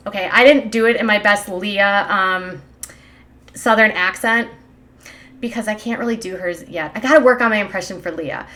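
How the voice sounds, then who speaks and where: A woman's voice: medium pitch, moderate pace, pushed and bright. A woman giving casual, sarcastic livestream commentary in a rambling, opinionated way with frequent fillers. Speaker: gossip commentary streamer.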